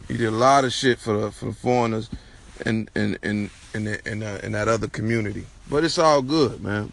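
A man's voice: medium pitch, vocal fry, no room sound. A man hosting a solo podcast, talking in a casual, slangy, profane and rambling way. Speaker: podcast host.

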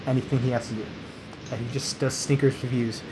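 A man's voice: medium pitch, steady tone, quick pace, noisy background. A man co-hosting a casual late-night podcast, rambling and laughing as he tells stories. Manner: rambling, laughs often, mimics voices. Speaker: podcast co-host. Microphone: podcast mic.

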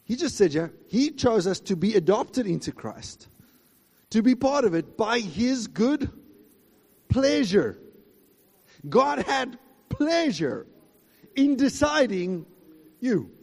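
A man preaching a sermon emphatically, swinging between loud high exclamations and quiet asides. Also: big pitch swings, slow, vocal fry, pauses often, husky, big-room sound. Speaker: pastor.

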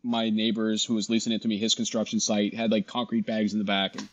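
A middle-aged man, a guest in a casual interview, telling his story with animated dialogue and frequent restarts. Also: lowish voice, quick pace. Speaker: guest, shop founder.

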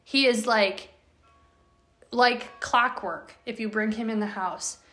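A woman's voice: a little high, steady tone, slow, fairly bright tone. A woman hosting a podcast, telling dog stories in a blunt, casual way and swearing freely. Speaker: podcast host, dog owner.

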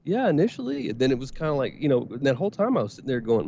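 A man's voice: medium pitch, big pitch swings, very fast, creaky, warm tone. A man talking as a podcast guest in casual chat, candid and rambling, with frequent swearing. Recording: slightly dull audio with faint noise.

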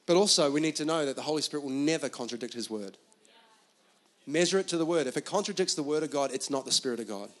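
A man with a high-pitched voice preaches a sermon, leaning hard on repeated phrases and urging his listeners on. He delivers it from a stool on a church stage, pressing each point with fervent emphasis. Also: lively intonation, quick pace. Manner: emphatic preaching with repetition and "come on" exhortations. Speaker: pastor.

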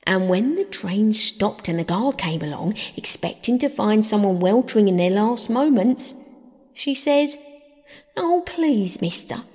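A woman's voice: medium pitch, lively intonation, measured pace, darkish tone, long reverb tail, voice pushed up. A woman voicing a good-natured working man, a railway porter, who talks in a folksy, rustic way in a storybook reading. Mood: gossipy.

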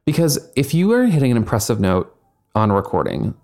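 A man's voice: medium pitch, sing-song, brisk, a little mellow. A young man co-hosting a casual podcast chat, rambling with lots of fillers and the odd swear. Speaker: podcast co-host.

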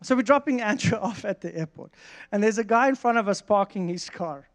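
High-voiced man preaching a sermon. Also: a little fast. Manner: animated storyteller, frequent restarts, laughs. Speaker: pastor. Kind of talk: sermon with personal anecdote.

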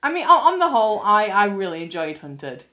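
A woman gushes through a casual film review chat. She is enthusiastic, animated and swears freely as she runs the show. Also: medium pitch, a little fast. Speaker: podcast co-host.

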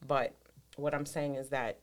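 A woman with a notably low voice, chatting on a podcast in a reflective, probing way. She presses with follow-up questions and affirms her co-host's points. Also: steady tone, unhurried, smooth. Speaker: podcast co-host. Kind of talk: casual chat.

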